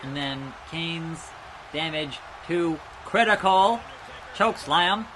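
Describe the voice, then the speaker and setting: A young man giving rambling let's play commentary, chatting about wrestling news and reacting loudly to the game as he plays. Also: on the high side, animated, takes it slowly, background noise. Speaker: gaming YouTuber.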